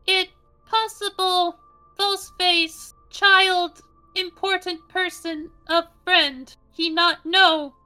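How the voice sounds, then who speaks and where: Woman voicing a squeaky childlike dragon creature. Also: fairly even intonation, takes it slowly, pushed and bright, faint music behind, heavily acted. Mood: earnest. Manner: broken third-person speech. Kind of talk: tabletop role-play.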